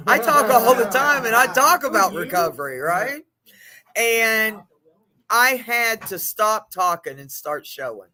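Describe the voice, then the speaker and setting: A man leading a recovery support group, telling stories in an animated, casual way with occasional swearing. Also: high-pitched, a little slow.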